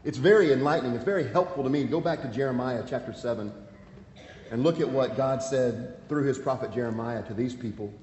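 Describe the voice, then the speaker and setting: A man's voice: mid-range voice, a little fast, a little mellow, slight background noise. A man preaching a sermon, earnest and pleading, reading scripture aloud with emphasis. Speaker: pastor. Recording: echoey hall, dull lo-fi sound, faint ambience.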